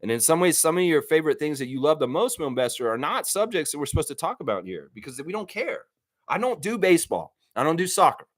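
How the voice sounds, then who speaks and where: A man hosting a live stream, talking casually and reading viewers' chat comments aloud, with blunt, profane opinions. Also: high voice. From United States. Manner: animated, profane, talks straight at viewers.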